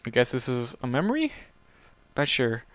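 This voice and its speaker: A man reads fan fiction aloud in a plain, steady way. He drops in casual asides and corrects his own slips. His voice is smooth and clear, recorded dry. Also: mid-range voice, moderate pace, no echo. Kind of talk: story reading with asides.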